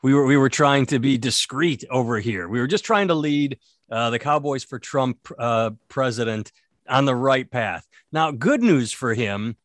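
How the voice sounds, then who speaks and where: A man's voice: mid-range voice, animated, moderate pace, no echo. Sardonic rambling male comedian host. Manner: rambling, sardonic, self-mocking. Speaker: podcast co-host, stand-up comedian. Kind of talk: casual comedic chat.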